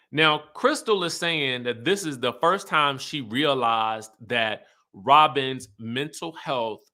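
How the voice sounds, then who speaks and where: Man, host, casual recap chat, lively swinging pitch, bright tone. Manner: animated, chatty, emphatic asides. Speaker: YouTube host recapping reality TV.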